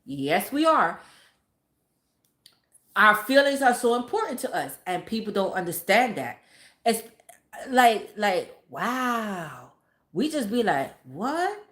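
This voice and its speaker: A woman's voice: mid-range voice, sing-song, slow, pauses often, fairly bright tone. A woman vlogger ranting bluntly and profanely, in a casual, emphatic way. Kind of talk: casual motivational rant. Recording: echoey room.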